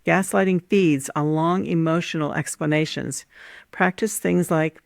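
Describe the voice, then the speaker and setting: Calm and instructive, a deep-voiced female host lays out her numbered points on relationships in a scripted monologue. A gravelly fry colors her tone, and the close, dry recording has no room sound.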